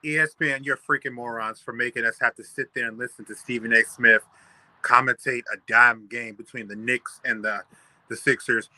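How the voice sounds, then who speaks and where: A man's voice: mid-range voice, fairly even intonation, normal speed, pushed and bright, no echo. A man co-hosting a sports podcast, ranting emphatically in casual talk. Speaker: podcast co-host.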